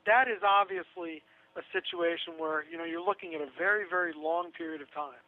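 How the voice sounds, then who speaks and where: A man's voice: a little high, a little fast. A man talking casually on a radio show, chatty and sarcastic, laughing through his own asides. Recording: tinny phone line.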